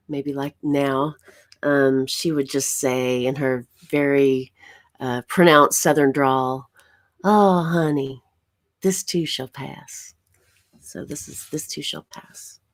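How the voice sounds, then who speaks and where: A woman singer-songwriter introducing her song in a relaxed, storytelling way with a few fillers. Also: rumbling low, dry recording. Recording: loud ukulele playing behind the voice.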